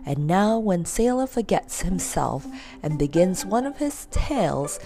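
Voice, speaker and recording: A woman reading a children's story aloud in a lively, expressive way. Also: fairly low pitch, measured pace, over music.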